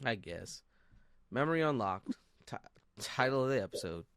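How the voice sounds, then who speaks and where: Animated Baltimore man in casual podcast chat. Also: normal speed, a little hiss or hum. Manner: animated, swearing, jumps to high excited yelps when retelling stories. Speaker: podcast co-host.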